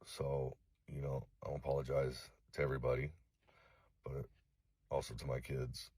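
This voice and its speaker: A middle-aged man from Los Angeles making a direct-to-camera apology video, halting and remorseful, swearing often. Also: very deep voice, completely flat delivery, a little mellow, husky, no room sound. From Los Angeles, USA. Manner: halting, remorseful, heavy swearing, frequent fillers. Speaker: vlogger.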